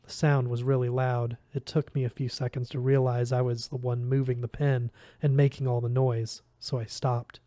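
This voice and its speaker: A man reading a novel aloud in a steady first-person narration. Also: mid-range voice, normal speed, few pauses, no echo. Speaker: reader.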